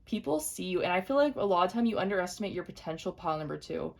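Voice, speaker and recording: A young woman giving an intuitive tarot reading to camera, speaking gently and repeating her points straight to the viewer. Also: lowish voice, lively intonation, racing, vocal fry. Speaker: tarot reader.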